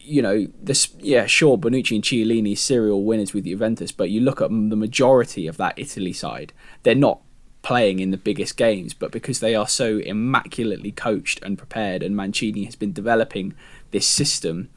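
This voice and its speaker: A man's voice: on the low side, fairly quick, no room sound. A man, a football journalist, chatting on a football podcast and hedging his opinions with frequent "I think". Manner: thoughtful, hedging with "I think" and "you know". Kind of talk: casual football podcast chat.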